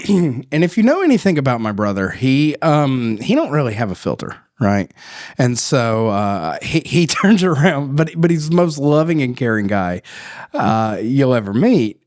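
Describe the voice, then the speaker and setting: A man's voice: medium pitch, moderate pace, no echo, clean studio sound. Laughing man telling a story. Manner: animated storyteller, laughs often. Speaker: podcast co-host. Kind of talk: casual storytelling chat.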